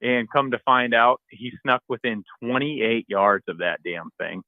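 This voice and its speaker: A man and podcast co-host telling a hunting story in a casual, animated way, acting out his own shouts and the texts he got. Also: mid-range voice, a little slow, dry recording, narrow, tinny audio.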